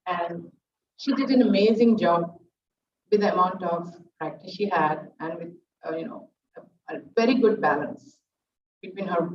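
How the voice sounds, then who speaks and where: A middle-aged dance teacher speaks earnestly at a student's recital, pausing often to collect her words. She is heard from a distance in an echoing room, with a dull, muffled sound and a faint hiss behind her. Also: fairly low pitch. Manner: earnest, halting, with many fillers. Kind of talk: heartfelt speech at a student's recital.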